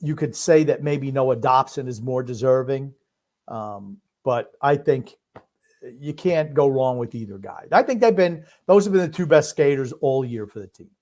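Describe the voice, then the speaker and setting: An older man co-hosting a casual sports podcast, giving gruff, teasing, blunt replies. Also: medium pitch, expressive, normal speed, darkish tone. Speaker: podcast co-host.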